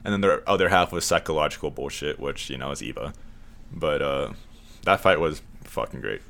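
A man co-hosting a casual podcast chat, rambling and swearing as he gets excited. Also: rumbling low, a little fast, creaky. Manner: rambling, profane, enthusiastic.

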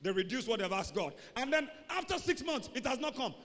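Animated high-voiced pastor preaching. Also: male voice, fast talker, hardly any pauses. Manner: animated, swings between booming shouts and low mocking asides. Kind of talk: sermon. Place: church hall. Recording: reverberant church hall.

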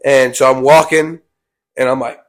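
A man's voice: medium pitch, steady tone, normal speed. A young man telling a personal story in a casual vlog. He rambles and keeps repeating "I was like.". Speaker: vlog co-host.

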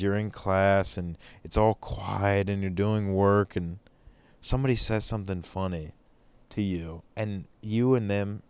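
Man, podcast host, preachy motivational ramble, slow delivery, smooth clear voice, dry close sound. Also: fairly low pitch, no room sound. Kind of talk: solo podcast monologue.

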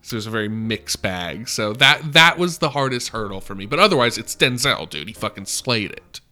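Animated bright-voiced man ranting about movies. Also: lowish voice, fairly quick, soft background music. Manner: emphatic, laughing, swears freely. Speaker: podcast co-host. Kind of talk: casual movie-review chat.

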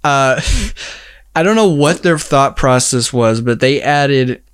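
A young man talks in a loose, rambling way, piling up filler words and breaking into laughs. His voice is smooth and clean, recorded close and dry with no room sound. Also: mid-range voice, slow pace, no echo. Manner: rambling, filler-heavy, laughs while telling a story. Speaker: storyteller in a casual chat. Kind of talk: casual chat.

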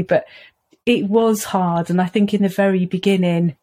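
A woman's voice: mid-range voice, steady tone, normal speed, dark tone. A middle-aged woman, an earnest podcast guest who talks reflectively and often laughs. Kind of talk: conversational interview.

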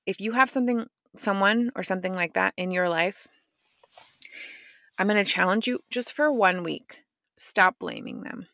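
Woman, podcast host; candid, casual cusser, fry in the voice, close and dry. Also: mid-range voice, normal speed, pushed and bright, no echo. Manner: blunt, swears casually; motivational, direct address to listeners. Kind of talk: casual self-help monologue.

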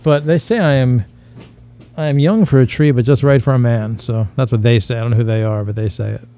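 A man's voice: medium pitch, fairly quick, warm tone, a little hiss or hum. Rambling, foul-mouthed man in his fifties. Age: 50s. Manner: rambling, profane storytelling with impressions. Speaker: podcast co-host. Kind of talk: casual chat.

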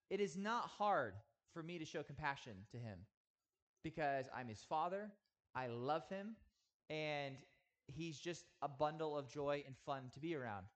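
Earnest man preaching a sermon. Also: a little high. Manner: earnest, emphatic with slow drawn-out stresses. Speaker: pastor. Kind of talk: sermon teaching.

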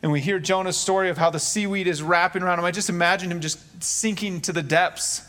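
A man's voice: sits high, steady tone, fast, fairly bright tone. A man preaching a sermon in an earnest, conversational way, acting out quotes from scripture. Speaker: pastor.

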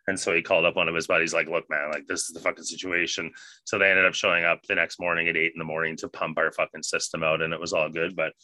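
A man casually telling a profane, animated party story with bursts of laughter. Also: low-pitched, racing, hardly any pauses, dry recording.

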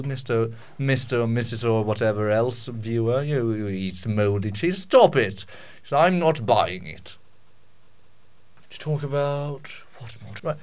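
Rambling, jokey man ranting casually. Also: medium pitch. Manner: rambling, with many restarts and stammered repeats; jokey, mock-indignant. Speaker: podcast host. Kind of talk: casual comic rant.

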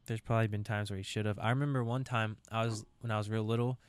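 A man's voice: fairly low pitch, level tone, fast talker, clean tone, no room sound. A young man, talking alone on his own podcast in a casual, rambling, joking way. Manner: rambling, joking, says dude a lot. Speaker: podcast host. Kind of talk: solo casual podcast chat. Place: camper.

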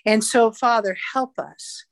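A woman's voice: on the high side, slow pace, no echo. A woman evangelist, a podcast guest, leading a fervent, rhythmic spoken prayer. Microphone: podcast mic.

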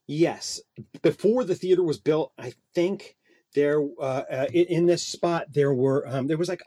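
A man guest telling a rambling, animated story in casual conversation, hedging as he goes. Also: on the high side, dry recording, clean studio sound. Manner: rambling, self-doubting, animated. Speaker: guest, performer.

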